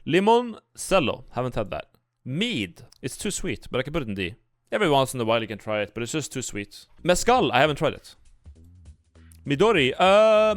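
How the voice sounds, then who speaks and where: Lively, blunt young man streaming. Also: mid-range voice, no room sound. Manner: blunt, jokey and profane, thinking aloud. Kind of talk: casual livestream commentary. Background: faint background music.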